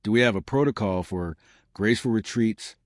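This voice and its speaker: A man's voice: lowish voice, fairly quick, no echo, studio quality, lightly acted. A man voicing a pompous, defeated alien male supreme commander, indignant and blustering.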